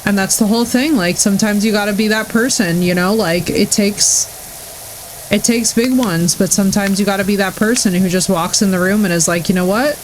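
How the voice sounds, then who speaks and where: A young adult woman streamer in casual live-stream chat, gushing and excitable as she talks to her chat. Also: mid-range voice, fast talker, hardly any pauses, slight background noise, rough recording.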